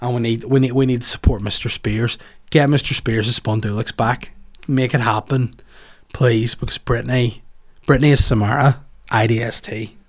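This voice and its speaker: A man's voice: medium pitch, normal speed. Rambling, swearing male podcast host. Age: adult, has children. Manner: rambling, animated, swears freely. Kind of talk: casual podcast chat.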